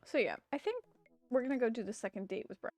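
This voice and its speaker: Chatty woman streamer, fairly high voice. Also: fast, no room sound. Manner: chatty, animated, talks to her pets. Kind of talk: casual gameplay chat and reading aloud.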